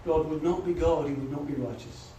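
Man preaching gospel, high pleading voice, big echo, mic far off. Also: a little fast, dark tone, lo-fi sound. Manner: earnest, pleading, repeats "you know" often. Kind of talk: gospel sermon. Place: church or gospel hall. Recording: echoey hall, voice from far off, faint noise.

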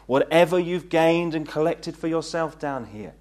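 A man's voice: expressive, moderate pace, a little mellow. Earnest man preaching a gospel sermon. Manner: earnest, pleading, rising to fervent peaks then dropping low. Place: meeting hall.

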